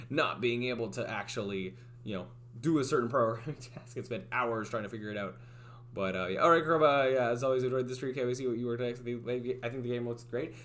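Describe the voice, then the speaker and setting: A man talking off the cuff on a livestream, his pitch rising and falling in lively swoops. He rambles and restarts his sentences, dropping "like" every few words as he thinks aloud. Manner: rambling, heavy use of "like", frequent restarts. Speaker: livestreamer and game developer. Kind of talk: casual livestream chat.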